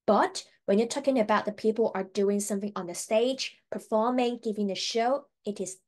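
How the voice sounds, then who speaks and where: A woman teaching Chinese in an online lesson, slowly explaining words and repeating phrases many times for learners to copy. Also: mid-range voice, a little mellow. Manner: slow, repetitive drilling, counts strokes aloud and repeats phrases; patient explanations with many fillers and restarts.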